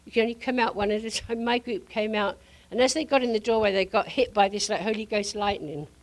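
An older woman preaching to a congregation, telling a lively testimony story with frequent laughter. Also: medium pitch, fast talker. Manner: animated storyteller, laughing often.

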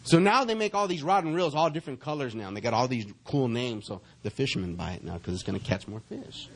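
A middle-aged pastor preaches a sermon, reading verses slowly and gradually building in intensity. His mid-range voice has lively intonation, and he calls on the congregation to answer back.

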